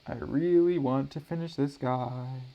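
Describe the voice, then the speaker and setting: Gravelly-voiced man chatting while drawing. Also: mid-range voice, unhurried, muffled recording. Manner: rambling, hesitant, full of restarts and "like". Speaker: artist streaming a drawing session. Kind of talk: casual live-stream chat while drawing.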